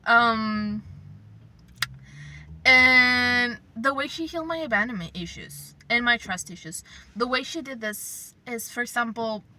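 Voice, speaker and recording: Bright-voiced young woman rambling casually. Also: a little high, measured pace, a little hiss or hum. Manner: rambling, profane, effusive, slips into whispers. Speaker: channel host. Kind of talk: casual chat.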